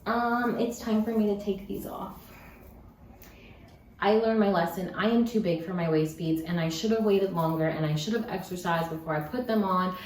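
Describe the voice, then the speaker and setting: A woman's voice: mid-range voice, normal speed. Young woman, casual vlogger, chatty, upset but upbeat, says like a lot, roomy echo. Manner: upset but trying to stay upbeat, swinging between sad and excited; chatty, with frequent likes and occasional cursing. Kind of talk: casual unboxing vlog. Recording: echoey room, faint background noise.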